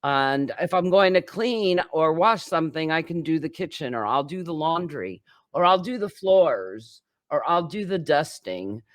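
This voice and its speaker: A man gives a recorded English grammar lesson, talking slowly and patiently through example after example. His voice sits a little high for a man and sounds close and dry, with no room around it. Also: animated, fairly bright tone, no echo. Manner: patient explaining with many examples and fillers. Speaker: English teacher.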